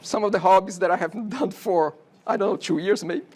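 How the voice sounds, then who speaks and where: A man's voice: high voice, brisk, darkish tone. A man in his forties from Brazil with a Brazilian Portuguese accent, giving a chatty classroom lecture as a college instructor and often checking in with "okay?".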